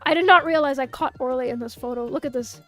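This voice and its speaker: A young woman with a Miami Hispanic accent, chatting casually on a livestream, animated and swearing freely as she answers chat. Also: high voice, fast, faint music behind. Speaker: VTuber streamer.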